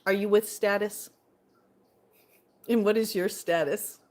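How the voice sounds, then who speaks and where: A bubbly woman from California vlogs in a casual live-stream chat on her phone, answering viewers while at home indoors by a window. Her voice is medium-pitched with fairly even intonation, and she speaks unhurriedly.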